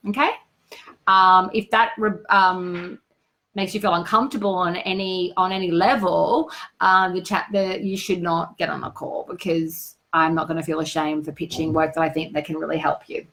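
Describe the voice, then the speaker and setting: A woman's voice: fairly low pitch, flat delivery, moderate pace, fairly bright tone, low-quality recording. A woman hosting a live stream as a business coach, greeting viewers by name and giving effusive motivational talk.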